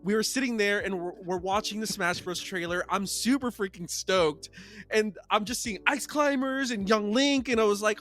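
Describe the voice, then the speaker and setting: A male podcast co-host telling gaming stories in casual chat, animated and getting loud when excited. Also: high voice, normal speed, faint music behind.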